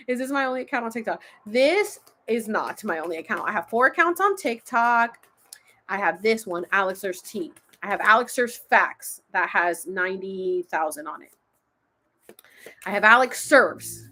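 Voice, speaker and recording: A chatty woman with a slightly high voice hosts a casual livestream, pulling cards and reading them aloud. She talks loosely and swears freely, laughing between readings. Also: expressive, moderate pace, a bit bright.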